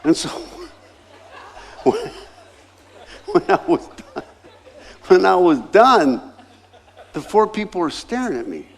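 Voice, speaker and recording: A man's voice: high-pitched, slow pace, long pauses. A man in his sixties, a guest pastor telling a personal story in a sermon and acting out the other people's lines. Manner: animated, acts out voices in his anecdotes.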